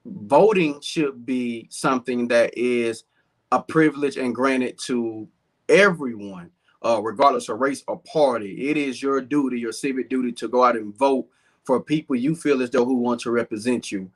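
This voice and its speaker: A man in his thirties with a Southern accent, speaking earnestly as a political candidate in an interview. His voice sits at a middle pitch, and he fills his sentences with ums and uhs. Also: moderate pace. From southern Georgia, US. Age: 30s. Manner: earnest, many fillers.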